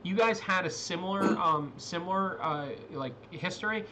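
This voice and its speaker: With a high-sitting, sharp-toned voice at normal speed, this man narrates a tabletop RPG session as game master. He rambles, restarting often and using lots of fillers, over slight background noise.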